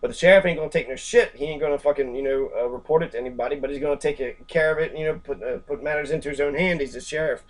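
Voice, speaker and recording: A man's voice: fairly high pitch, very fast, hardly any pauses. A man reading a book passage aloud and commenting on it casually, rambling and swearing, with many fillers. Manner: acts out quoted characters in brief voices.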